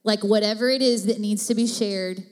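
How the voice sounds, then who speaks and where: A woman's voice: mid-range voice, steady tone, moderate pace. Woman co-speaker, chatty encouraging church talk, reverberant hall. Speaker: pastor's wife, co-speaker. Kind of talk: sermon with couple's banter. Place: church auditorium.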